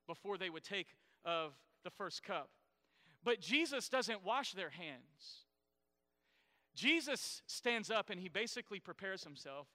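A man's voice: high-pitched, bright, forceful tone, in a large hall. A man preaching a sermon, explaining scripture and asking his congregation questions. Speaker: pastor.

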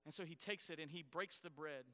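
High bright-voiced preacher in a hall. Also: male voice, fairly quick. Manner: explanatory, asks the congregation questions. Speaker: pastor. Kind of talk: sermon.

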